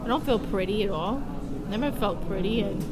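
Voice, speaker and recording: A woman's voice: medium pitch, normal speed, over loud music. A woman and filmmaker speaking candidly to a friend, raw, emotional and profane, with many "you know"s. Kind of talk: candid personal testimony. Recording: loud crowd noise behind.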